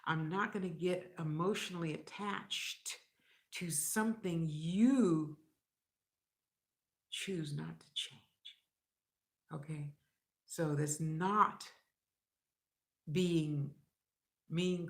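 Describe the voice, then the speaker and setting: Woman vlogger, middle-aged, blunt and profane, rambling monologue, lowish voice, echoey room. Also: steady tone, unhurried. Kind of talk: casual vlog monologue.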